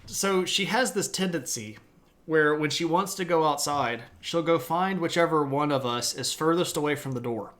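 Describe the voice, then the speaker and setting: A man's voice: fairly high pitch, moderate pace, a bit bright. A man hosting a live-streamed history lecture from home, talking in a casual, chatty way with self-deprecating asides.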